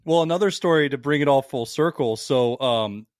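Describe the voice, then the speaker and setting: A man on a casual podcast launching into loud, heated rants full of cursing. His voice sits at an ordinary male pitch. The recording is close and dry. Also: normal speed, no room sound. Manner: loud, heated ranting, heavy swearing. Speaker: podcast co-host.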